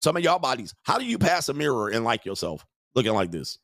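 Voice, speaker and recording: A man hosts a livestream rant in a crude, mocking way and breaks into laughter often. His voice sits at an ordinary middle pitch. The sound is dry and close, with no room echo. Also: very animated, fast talker, fairly bright tone. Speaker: show host.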